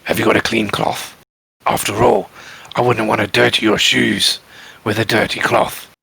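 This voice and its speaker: A man answers in character with dry, cheeky retorts. His lowish voice is very husky and heavily gravelly, recorded close and dry. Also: fairly even intonation, normal speed, bright, forceful tone, dry recording. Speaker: player. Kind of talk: in-character tabletop play.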